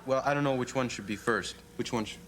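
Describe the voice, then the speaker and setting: A man's voice: medium pitch, fast talker, a bit bright, a little hiss or hum, close to an everyday voice. A man playing a good-natured, dim Canadian hoser in a sketch comedy bit, with a Canadian accent and a laid-back, drawling delivery. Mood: goofy.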